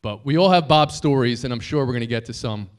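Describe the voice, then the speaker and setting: A man in his thirties speaks at a banquet podium, trading self-deprecating jokes for a room of colleagues. His pitch sits in an ordinary middle range. Between laughs he turns sincere and grateful. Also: lively intonation, fast talker, clean tone. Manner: joking, self-deprecating storyteller; heartfelt, grateful tribute. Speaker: broadcaster giving a dinner speech. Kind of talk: anniversary dinner speech. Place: banquet hall dinner.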